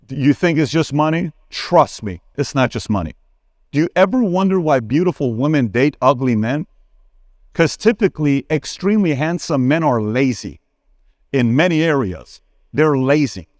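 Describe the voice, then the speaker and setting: Brief: man in his 40s, conference speaker, animated storyteller, close and dry sound. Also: normal speed, no room sound. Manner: animated, acts out dialogue with sudden pitch jumps; addresses crowd directly, asks for a show of hands. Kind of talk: live Q&A on stage, storytelling. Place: conference hall stage.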